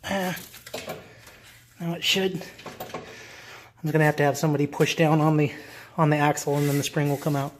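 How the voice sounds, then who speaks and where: A man's voice: fairly high pitch, flat delivery, normal speed, long pauses, a little hiss or hum. A man talking casually through his own car repair job in a DIY vlog, rambling and talking to himself as he works. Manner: rambling, self-talking, chatty with restarts. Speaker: car hobbyist vlogger.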